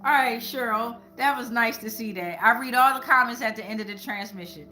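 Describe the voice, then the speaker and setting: A woman's voice: a little high, fairly quick, pushed and bright. A woman giving a live-streamed tarot reading, talking casually and with slang and swearing to her viewers in chat. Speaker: tarot reader. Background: faint background music.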